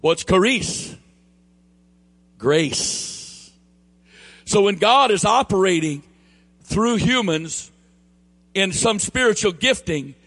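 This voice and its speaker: A man with a Southern US accent preaching a sermon, emphatic and building to near shouts, then easing into quieter storytelling. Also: high-pitched. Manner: emphatic, rising to near shouts on key phrases; drops into a quieter storytelling tone for anecdotes.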